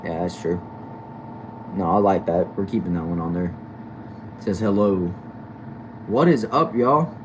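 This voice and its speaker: Young guy on a home livestream, lowish voice, reads chat and answers wryly, steady air-conditioner hiss. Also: moderate pace, pauses often. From Texas. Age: 20s. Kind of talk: casual livestream chat reading comments. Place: small back room at home.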